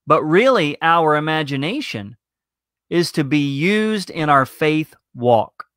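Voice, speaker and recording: A middle-aged man, a pastor, giving a slow, emphatic teaching sermon full of rhetorical questions. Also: a little high, bright, forceful tone, no room sound, studio quality.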